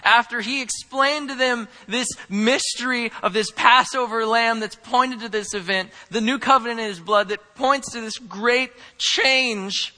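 A male pastor delivering a sermon earnestly, moving between hushed asides and emphatic stresses. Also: extremely high pitch, measured pace, hardly any pauses, big-room sound.

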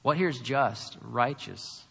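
A man's voice: mid-range voice, takes it slowly, creaky, fairly bright tone, breathy edge, in a large hall. A man preaching a sermon, emphatic, with many rhetorical questions to the congregation. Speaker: pastor.

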